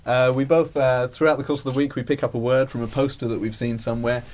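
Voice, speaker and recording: A man's voice: mid-range voice, little pitch movement, fast talker, a little mellow. A man hosting a casual comedy podcast, laughing and trying to keep the show on track. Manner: laughing, exasperated, keeps the show moving. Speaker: podcast host.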